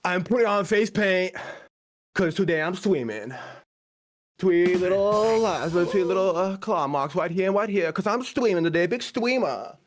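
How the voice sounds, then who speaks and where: Man imitating a giddy goofy guy, high and drawn out, mocking. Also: lively intonation, normal speed.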